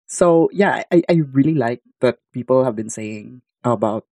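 A man's voice: medium pitch, animated, normal speed, darkish tone, no room sound, clean studio sound. A man co-hosting a casual podcast, easygoing and agreeable, often saying yeah. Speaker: podcast co-host. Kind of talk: casual chat.

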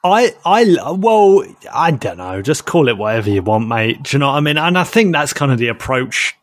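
A man's voice: mid-range voice, sing-song, normal speed. A man co-hosting a podcast in laid-back casual chat, repeating himself for emphasis. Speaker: podcast co-host.

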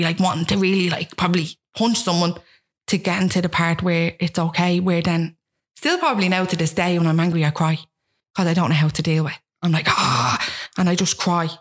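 A young woman with a Dublin Irish accent, telling her own story as a guest in a candid, self-mocking way and acting out what people said. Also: on the low side. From Ireland. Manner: rapid, frank, self-mocking, acts out quotes.

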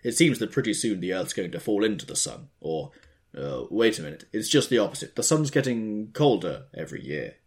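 A man reading a novel aloud, voicing a gruff, blustering wealthy man. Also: lowish voice, big pitch swings, a little fast.

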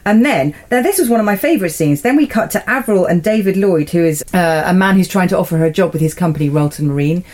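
A woman's voice: fairly low pitch, animated, quick pace, few pauses, a little mellow. A woman co-hosting a podcast, recapping a television episode in casual chat, amused and laughing often. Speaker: podcast co-host.

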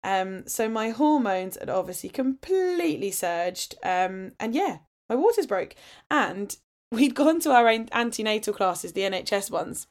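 A woman's voice: a little high, a little mellow. Chatty woman telling a story. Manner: chatty, laughs often, frank and candid. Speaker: podcast host sharing her birth story. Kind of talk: casual storytelling.

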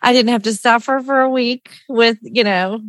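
A woman's voice: fairly high pitch, steady tone, normal speed, fairly bright tone, dry recording, studio quality. A woman in her fifties hosting a casual chat, telling stories with gushing enthusiasm. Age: 50s. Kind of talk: casual conversation.

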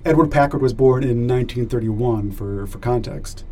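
A man's voice: medium pitch, normal speed, a little mellow, a little hiss or hum. A man hosting a podcast in casual chat, upbeat and leading the conversation. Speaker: podcast host.

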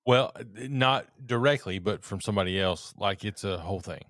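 A man's voice: lowish voice, a little fast, fairly bright tone, no room sound, studio quality. A man co-hosting a podcast in casual chat, tipsy from drinking, rambling, joking and swearing freely. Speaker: podcast co-host.

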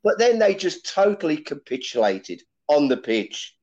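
Rambling fan, lively pitch, lo-fi. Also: male voice, moderate pace. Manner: rambling, many fillers like "you know, look". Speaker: fan panelist. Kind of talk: fan chat. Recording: dull lo-fi audio.

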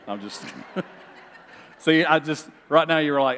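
Expressive male pastor preaching. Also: mid-range voice, normal speed, long pauses. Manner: lively, expressive, jokes with the congregation. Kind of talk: sermon. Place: church sanctuary. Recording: long reverb of a church hall.

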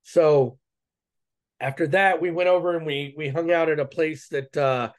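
An earnest man tells his own story in a loose, rambling way, full of "uh", "like" and "man", often restarting his sentences. His voice sits a bit high for a man. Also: fairly even intonation, normal speed. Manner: earnest, rambling, heavy fillers and restarts, says "man" and "dude". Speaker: interview guest. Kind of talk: casual personal storytelling.

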